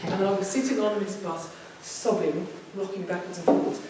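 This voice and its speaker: A woman's voice: medium pitch, steady tone, normal speed, noisy background. A woman, telling a personal story in a speech to a public speaking club, emotional and often repeating phrases as she goes. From England. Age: 50s. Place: meeting room. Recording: very echoey room from a distance.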